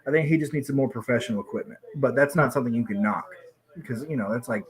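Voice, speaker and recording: A man talking quickly and loosely in a casual chat, a little drunk. He swears freely, jumps between topics and gets loud and excited in bursts, then turns self-deprecating. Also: mid-range voice. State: tipsy.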